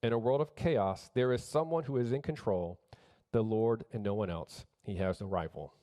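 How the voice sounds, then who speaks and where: A man's voice: fairly low pitch, moderate pace. Emphatic male pastor preaching. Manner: emphatic, rising louder on key lines, with frequent restarts. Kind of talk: sermon.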